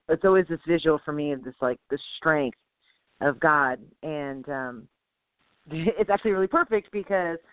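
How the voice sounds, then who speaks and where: A woman co-hosting a podcast, telling a story in a lively, animated way with sound effects and laughter. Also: low-pitched, dry recording. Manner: animated, mimics sounds and voices, laughs often. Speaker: podcast co-host. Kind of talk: casual storytelling chat. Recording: tinny phone-like sound, dry.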